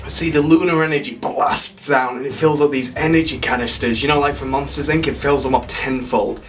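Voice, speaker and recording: A man's voice: medium pitch, steady tone, fairly quick, far from the mic, a little hiss or hum. Rambling man telling a comic story. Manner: rambling, self-correcting, playful asides. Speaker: storyteller pitching a sequel. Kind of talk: casual comedic retelling.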